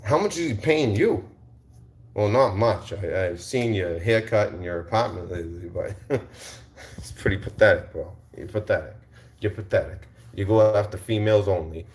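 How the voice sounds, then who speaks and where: Livestream host, male, low-voiced, heated and taunting. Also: moderate pace, a little mellow. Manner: confrontational, repeats rhetorical questions; swears, taunts viewers in chat.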